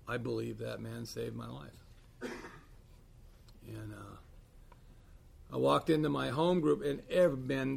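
A man's voice: medium pitch, creaky, fairly bright tone, a little hiss or hum. A man giving a candid, wry personal share at a recovery meeting, telling his story with dry humor.

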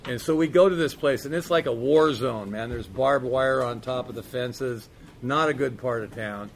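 A man's voice: mid-range voice, normal speed, slight background noise. A middle-aged man sharing a recovery story in a candid, rambling way, with lots of "man" and "you know". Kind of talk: storytelling talk.

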